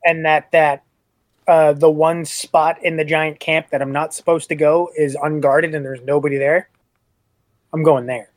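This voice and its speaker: A man's voice: on the high side, little pitch movement, unhurried, no room sound. A man playing a character in a tabletop game, joking and eager in casual banter. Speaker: player.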